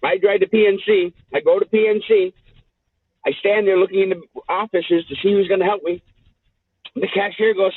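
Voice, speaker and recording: Host, male; high, swooping delivery; husky; thin phone-like audio. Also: brisk, dry recording. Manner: animated, profane, acts out the people in his stories. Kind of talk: casual storytelling. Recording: tinny phone-like sound, dry.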